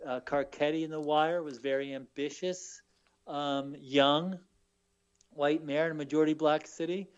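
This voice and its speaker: A man's voice: on the high side, steady tone, measured pace, smooth, highs cut off. A man from Baltimore, a book author being interviewed on the radio, telling stories with lots of fillers and repeated words. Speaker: author guest. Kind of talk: casual radio interview storytelling.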